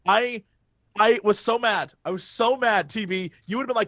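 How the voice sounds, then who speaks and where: A man co-hosting a podcast in casual chat, telling a story with excitable energy and plenty of swearing, speaking into a studio microphone. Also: sits high, normal speed, no echo. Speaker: podcast co-host.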